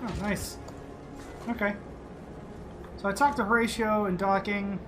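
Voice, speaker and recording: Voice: medium pitch, steady tone, a little slow. A gamer chatting casually while playing, humming and muttering as they go. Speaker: let's play gamer. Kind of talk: casual gameplay commentary. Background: game music.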